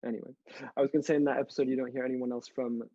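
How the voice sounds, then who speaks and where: Young male guest from France, mellow dry voice, eager and chatty, slightly dull audio. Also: medium pitch, level tone, very fast, no echo. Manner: chatty, enthusiastic, many fillers. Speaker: actor guest. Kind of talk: casual interview chat.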